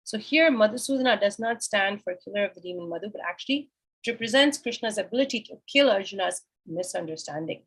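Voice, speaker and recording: Husky woman teaching a scripture class. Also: medium pitch, lively intonation, quick pace, a bit bright, rough recording. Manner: asks and answers her own questions. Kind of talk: explaining a sacred text verse by verse.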